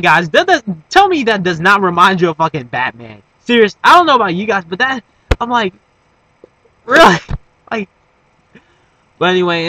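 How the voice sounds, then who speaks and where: A young man giving a casual episode recap, rambling with fillers and restarts, swearing, and breaking into excitable bursts. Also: on the high side, no room sound, rough recording. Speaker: anime reviewer.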